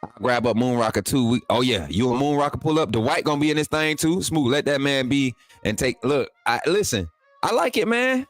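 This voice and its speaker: A man hosting a casual livestream, talking loosely with his viewers and jumping up in pitch when he gets excited. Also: brisk, no echo, faint music behind. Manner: laid-back, talks to chat as "man" and "y'all", pitch jumps up when excited. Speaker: livestream host. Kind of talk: casual livestream chat reading viewer comments.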